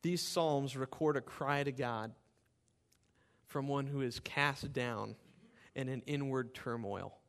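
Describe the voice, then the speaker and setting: A pastor speaks slowly and smoothly as he reads scripture to his church with fervent emphasis, his pitch and volume climbing. He then explains the passage in his sermon.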